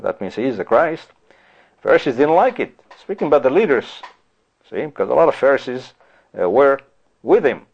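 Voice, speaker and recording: A man's voice: medium pitch, sing-song, moderate pace, vocal fry. A man preaching a sermon in a rhetorical style, often breaking off with "you see" and "you know" asides. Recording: dull lo-fi recording.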